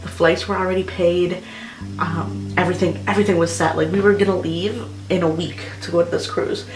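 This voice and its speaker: Young woman, vlogger, rambling storytelling, lots of fillers, slightly low voice, echoey room. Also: fairly even intonation, brisk, far from the mic. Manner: chatty and rambling, full of "like" and "um". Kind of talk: casual personal storytelling. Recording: roomy echo with music behind.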